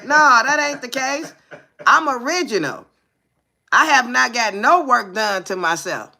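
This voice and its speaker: A woman's voice: on the high side, lively intonation, measured pace, gravelly, sharp tone. A woman in her forties co-hosting a live talk show, telling profane, brash stories and constantly asking her listeners whether they hear her. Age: 40s. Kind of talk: casual live chat.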